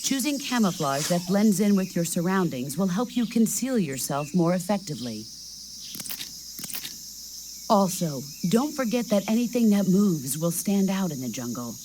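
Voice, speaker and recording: A calm radio support officer. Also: female voice, lowish voice, moderate pace, background noise. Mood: instructive. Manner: instructive, steady explanation. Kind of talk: game dialogue over radio.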